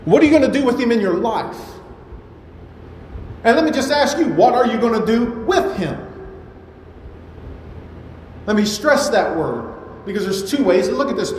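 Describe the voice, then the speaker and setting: A man preaching a sermon in a church, with a high voice. He drives his points home with emphatic, repeated rhetorical questions. The sound rings with long, roomy reverb over a faint background hum. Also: sing-song, a little fast, pauses often, a little mellow. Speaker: pastor. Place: church sanctuary. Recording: echoey hall with faint ambience.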